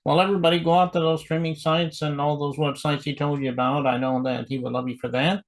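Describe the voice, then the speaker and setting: This is a male host with a gravelly, slightly raised voice. He asks his questions haltingly, stopping often for "uh" and "um". He sounds like he is running a casual interview. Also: a little high, level tone, rough recording. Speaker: show host.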